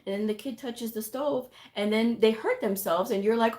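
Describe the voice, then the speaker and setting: A woman's voice: normal speed, hardly any pauses, darkish tone. A woman hosting a livestream as a tutor, talking bluntly with tough love and reading viewer comments aloud. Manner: blunt, tough-love, mocks with high whiny voices; reads chat comments aloud. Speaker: livestream host and medical coding tutor. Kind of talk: casual livestream talk.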